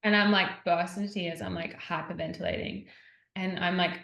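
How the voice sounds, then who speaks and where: A woman guest chatting casually on a podcast. Her voice sits a little low, and she strings her story together with many "like"s as she retells other people's words. The room around her is echoey. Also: steady tone, moderate pace, creaky, fairly bright tone. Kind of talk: casual interview chat.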